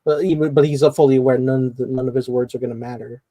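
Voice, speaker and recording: A man co-hosting a podcast, talking in a halting way full of fillers like "like" and "you know". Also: mid-range voice, fairly even intonation, warm tone, no echo. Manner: halting, filler-heavy musing. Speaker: podcast co-host. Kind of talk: casual podcast discussion.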